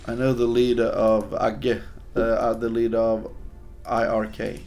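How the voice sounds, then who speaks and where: A man's voice: lowish voice, flat delivery, measured pace, darkish tone, soft background music. A man from Sweden, a native Swedish speaker, casting a game in English in a chatty, hesitant way while answering viewer chat. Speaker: game caster. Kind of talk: casual live-stream game commentary.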